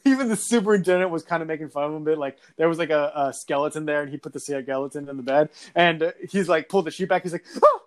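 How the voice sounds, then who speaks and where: A man's voice: on the high side, racing, hardly any pauses. A man telling a story in casual chat, rambling with many fillers and swear words.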